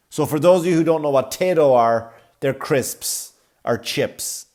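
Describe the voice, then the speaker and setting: A man, a comedy podcast host from Ireland, telling a sarcastic, profane travel story with animated delivery. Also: fairly high pitch, a little slow. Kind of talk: comic storytelling.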